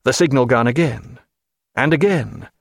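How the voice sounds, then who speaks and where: A man reading an audiobook with steady, vivid storytelling. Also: medium pitch, moderate pace, creaky, no echo, studio quality. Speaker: narrator. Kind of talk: audiobook narration.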